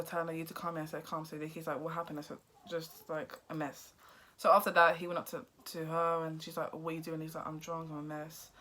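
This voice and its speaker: A woman vlogger casually recapping a movie plot in a rambling way, acting out the characters' lines with excited outbursts. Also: deep voice.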